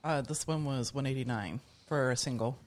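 A man as a podcast guest, chatting casually in a halting way with frequent restarts. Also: mid-range voice. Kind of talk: casual chat.

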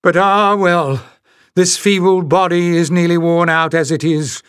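A male narrator puts on a withered old woman in the grip of some evil force, croaking and hissing each word from a thin, strained throat. The voice sits high and the words drag slowly. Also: fairly even intonation, fairly bright tone, no echo, studio quality. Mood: menacing. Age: older. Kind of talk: audiobook character voice.

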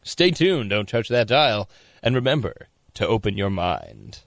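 A man's voice: fairly low pitch, very animated, unhurried, gravelly, no echo, faint music behind. Young male college radio DJ, chatty and rambling, close dry studio mic, casual between-song patter. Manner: rambling, chatty, self-amused. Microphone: studio microphone.

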